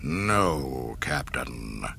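A man voicing a menacing masked male dark lord who gives cold, slow commands. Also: fairly low pitch, expressive, a little hiss or hum, exaggerated voice. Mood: snarling.

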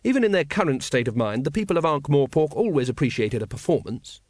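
A man reading a comic fantasy novel aloud as an audiobook narrator, with expressive, dryly comic storytelling. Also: a little high, fast, no echo, clean studio sound. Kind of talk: scripted narration.

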